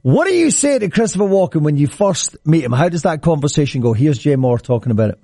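A man's voice: very animated, fast, warm tone, dry recording, clean studio sound. Chatty man hosting morning radio. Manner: upbeat, chatty, jumps around in pitch. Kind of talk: casual radio chat. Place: radio studio.

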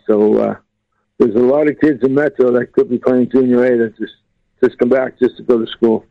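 A man, a junior hockey coach answering questions in a casual interview, matter-of-fact with filler pauses. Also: medium pitch, fairly even intonation, vocal fry, dry recording. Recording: dull lo-fi line.

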